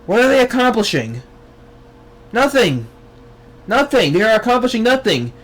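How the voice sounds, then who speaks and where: A young man with a rather high voice rants in an exasperated, sarcastic way. He hosts his own talk show and drops into mocking impressions. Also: big pitch swings, normal speed, fairly bright tone. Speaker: vlog host. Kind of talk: ranting commentary.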